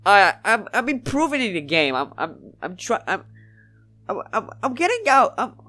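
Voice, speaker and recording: A man giving live gameplay commentary. He is excitable and swears often, and he sounds frustrated during matches and more hesitant when looking back afterward. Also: high voice, normal speed.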